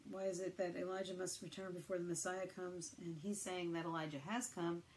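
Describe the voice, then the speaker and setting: A woman's voice: fairly low pitch, flat delivery, fairly quick, a little mellow, a little hiss or hum, rough recording. A woman reading the Bible aloud and thinking it through in casual, hesitant talk full of fillers. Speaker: Bible reader.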